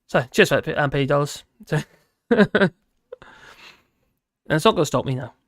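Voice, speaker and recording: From his home in rural France, an English livestream host chats casually, rambling and laughing as he answers viewers' comments. His fairly high voice is a bit bright with lively intonation at a moderate pace, in clean studio sound without room noise.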